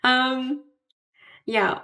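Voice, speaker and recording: A woman talking candidly to camera in a casual vlog. She pauses to search for words, repeats herself and restarts often, and fills the gaps with "like". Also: high voice, fairly even intonation, pushed and bright. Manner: searches for words mid-sentence. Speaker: vlogger.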